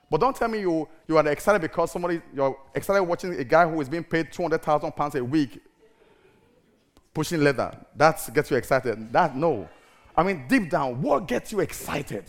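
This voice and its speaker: Theatrical middle-aged male preacher. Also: fairly high pitch. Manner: animated, theatrical, full of rhetorical questions. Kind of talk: sermon.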